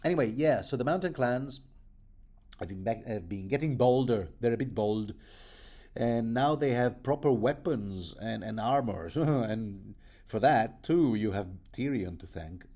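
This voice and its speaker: A man at a middle pitch talks through a book in a loose, rambling way. He digresses freely and pokes fun at himself as he goes. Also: expressive, measured pace, warm tone. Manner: digressive, chatty, self-mocking. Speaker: book commentary host. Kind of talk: rambling casual commentary.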